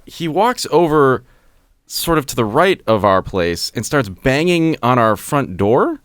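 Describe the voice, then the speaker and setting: A man's voice: medium pitch, big pitch swings, a little slow, fairly bright tone, clear, resonant tone, no echo, clean studio sound. A man on a podcast telling a story in casual chat, acting out the people in it and laughing as he goes. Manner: acts out quoted voices, laughs while telling. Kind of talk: casual chat, animated anecdote.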